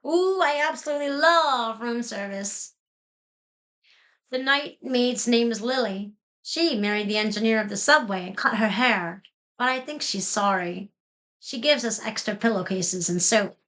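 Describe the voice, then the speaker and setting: Bright, animated woman reading a storybook. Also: mid-range voice, moderate pace. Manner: animated, playful, giggling between pages. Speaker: children's book reader. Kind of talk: storybook read-aloud.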